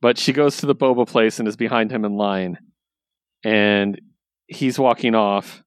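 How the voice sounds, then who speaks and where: A man's voice: lowish voice, fairly even intonation, measured pace, smooth, no echo. A man hosting a casual talk, recapping stories with enthusiasm and plenty of ums and likes. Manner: enthusiastic, lots of fillers. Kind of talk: casual chat.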